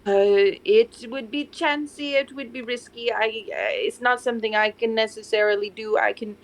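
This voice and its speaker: Woman putting on a happy chipper man, shaky French accent, polite, halting, formal. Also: a little high, fairly even intonation, lightly acted, poor audio. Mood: hesitant. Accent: attempted French accent. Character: chipper, happy male guardian-city figure.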